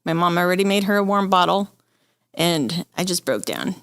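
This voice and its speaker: A woman's voice: lowish voice, lively intonation, moderate pace, a bit bright, clean tone, no room sound. A woman in her forties, an interview guest, telling her personal story openly and with feeling. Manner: candid, open, quotes people she talks to.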